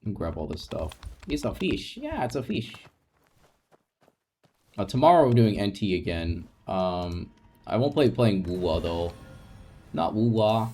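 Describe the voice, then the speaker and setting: A young man chatting casually on a live gaming stream, soft-spoken and rambling, with frequent restarts and light laughs. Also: fairly low pitch, big pitch swings, a little slow, pauses often, breathy edge.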